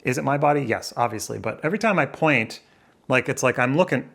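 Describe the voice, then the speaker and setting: A man's voice: medium pitch, lively intonation, brisk, gravelly, a bit bright, slightly rough. A man vlogging indoors to a camera, rambling and questioning himself as he thinks aloud. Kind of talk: musing casual monologue. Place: indoors by a window. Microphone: camera facing him.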